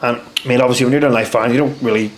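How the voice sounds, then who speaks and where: A man in his thirties with a Northern Irish accent, telling a story as a podcast guest in an animated way, swearing freely and saying "mate.". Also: medium pitch, racing. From Northern Ireland. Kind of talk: casual storytelling. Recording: roomy echo, faint ambience.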